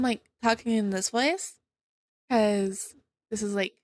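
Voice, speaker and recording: A woman streamer chatting casually with viewers in a bubbly, excited high-pitched voice. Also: slow, no room sound. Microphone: desk microphone.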